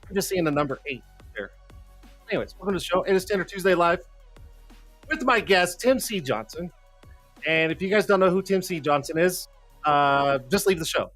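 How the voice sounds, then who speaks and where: Male live-show host, slightly high voice, rambling and foul-mouthed, soft music underneath. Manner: rambling, cussing, self-deprecating, jokey; flustered, talking to himself while fixing tech. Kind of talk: casual live-stream chat. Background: faint background music.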